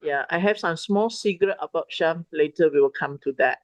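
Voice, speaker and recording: A woman's voice: low voice, normal speed, dry recording. Chatty woman hosting a video call. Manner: chatty, prompting speakers, mixing in Malay words. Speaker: host of an online youth meeting. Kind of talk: casual moderating of a video call.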